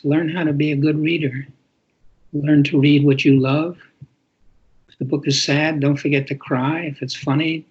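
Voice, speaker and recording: A man's voice: on the high side, darkish tone, breathy edge. An older man, an author and interview guest, talking casually and expressively, stressing words as if reading aloud, over muffled lo-fi audio.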